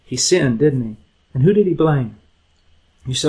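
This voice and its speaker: A man's voice: mid-range voice, lively intonation, a little slow, pauses often, mellow, slightly rough, poor audio. A man teaching a conversational Bible lesson to young people, earnest and emphatic, often repeating words, chuckling, and asking his listeners direct questions.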